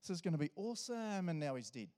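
Lively New Zealand pastor, jokey. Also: male voice, fairly high pitch, quick pace. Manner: jokey, energetic, chatty with frequent asides to the congregation. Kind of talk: casual conversational sermon. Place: church service.

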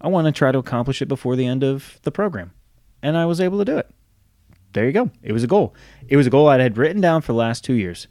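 A man's voice: mid-range voice, lively intonation, fast, darkish tone, no echo, clean studio sound. A man in his thirties talking casually about fitness goals, giving motivational tips and acting out what friends might say. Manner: conversational, acts out quoted friends.

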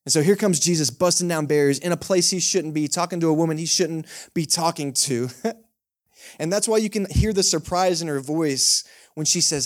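A man's voice: a little high, normal speed. A male pastor, preaching a sermon in a conversational, joking way and often checking in with the congregation. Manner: conversational, joking, keeps asking the congregation "right?". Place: church service held in a cinema.

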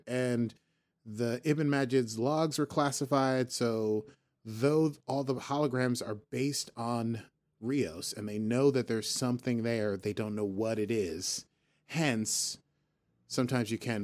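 A man hosting a podcast, casually recapping a TV episode in a rambling, joking way, often correcting himself. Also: mid-range voice. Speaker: podcast host.

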